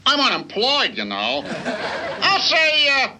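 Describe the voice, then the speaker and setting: High squeaky cartoon game show guy, meek and overexcited, slow, hiss behind. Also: huge pitch swings, bright, forceful tone, a faint crowd, exaggerated voice, poor audio. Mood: sheepish. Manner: giddy, squealing, easily carried away. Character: meek jobless man gushing over prizes.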